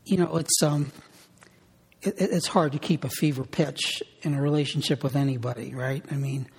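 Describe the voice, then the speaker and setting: A middle-aged pastor tells a homey story during his sermon, speaking earnestly and often repeating his words. His voice is mid-range and steady, with vocal fry and a breathy edge, at a moderate pace, and a long hall reverb surrounds him.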